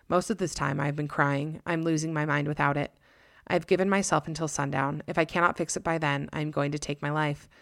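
A man's voice: on the high side, vocal fry, fairly bright tone, no room sound, clean studio sound. A woman reading the farewell letter of a grieving lonely school janitor in a formal, solemn voice.

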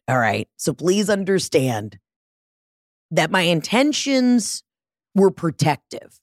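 Woman, 30s, lowish voice, dry close sound; animated storyteller who curses freely and flips into high mocking voices. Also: no room sound. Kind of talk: casual storytelling monologue.

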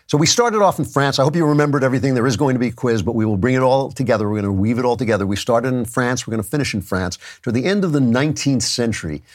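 A man's voice: mid-range voice, lively intonation, racing, few pauses. A man hosting a podcast, talking through a commentary monologue in a conversational way with wry asides. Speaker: podcast host.

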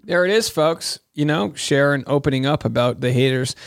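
A male talk host with a somewhat high, bright-toned voice reads out light celebrity news. He keeps cutting in with wry, mocking remarks in a loose, casual way. The sound is close and dry. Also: normal speed, creaky, clear, resonant tone, no room sound. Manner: wry, jokey, mocking asides. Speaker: show host. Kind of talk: casual commentary reading news articles.

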